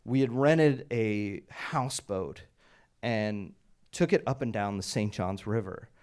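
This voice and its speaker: A man's voice: lowish voice, lively intonation, slow, darkish tone, clean tone. A man telling a personal story at a live storytelling night, conversational and wry, with a humorous edge. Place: small live event stage.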